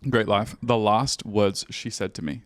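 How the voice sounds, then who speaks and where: A man's voice: fairly low pitch, fairly even intonation, measured pace, no room sound, clean studio sound. A man in his thirties from Australia with an Australian accent, a laid-back guest telling stories in casual chat. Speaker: guest, music producer.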